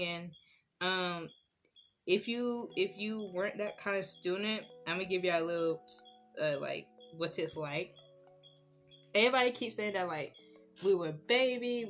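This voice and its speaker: A young woman, chatting casually about her school years while doing her makeup. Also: mid-range voice. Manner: chatty, animated when retelling stories. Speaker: beauty vlogger.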